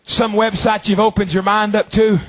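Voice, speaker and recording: High-voiced man preaching fervently. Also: flat delivery, a bit bright. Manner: fervent preaching with long drawn-out phrases. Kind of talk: sermon.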